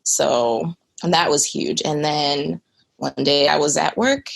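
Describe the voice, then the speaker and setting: A young woman speaks low in her range, with a gravelly edge of vocal fry. She tells a personal story as a podcast guest, candid and earnest, and fills her talk with casual asides. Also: steady tone, slow. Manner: conversational, filler-heavy, earnest.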